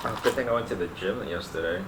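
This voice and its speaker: Low-voiced man with dry, short replies. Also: quick pace. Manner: brief, dry, teasing replies. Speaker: co-host of a home mukbang channel. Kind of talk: casual chat while eating. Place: at home, at the dinner table. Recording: echoey room with background noise.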